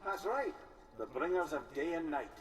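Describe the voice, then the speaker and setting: An actor playing a wise, wry talking severed head in a video game, speaking with a Scottish accent. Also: male voice, on the high side, expressive, moderate pace, lightly acted. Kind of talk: video game cutscene dialogue. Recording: game audio with noise.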